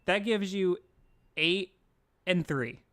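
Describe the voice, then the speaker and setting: A man co-hosting a casual sports podcast, animated and ranting, swearing freely as he talks through a schedule. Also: sits high, slow. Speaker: podcast co-host.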